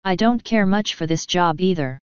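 A woman's voice: fairly low pitch, animated, moderate pace, clean tone, no echo, muffled recording, natural voice. A woman reading as a blunt griffon mercenary. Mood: defensive. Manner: blunt, offhand. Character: female griffon mercenary, tough, blunt and casual.

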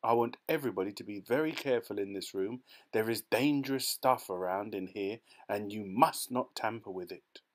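A man doing Willy Wonka, brisk and eccentric. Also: lowish voice, natural voice. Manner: brisk, brightly matter-of-fact. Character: brisk eccentric male chocolate maker.

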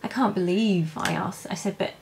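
A young woman tells her birth story in a casual vlog. Her voice is mid-pitched and she talks haltingly, with many fillers and restarts, and at times she is openly emotional. A faint hiss runs under the recording. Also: gravelly, a little mellow, rough recording. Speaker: vlogger.

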